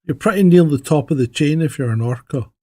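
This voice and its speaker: A man's voice: on the high side, expressive, fairly quick, warm tone, dry recording, studio quality. A man hosting a casual podcast chat, blunt and swearing freely as he tells jokes. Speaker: host, retired police sergeant.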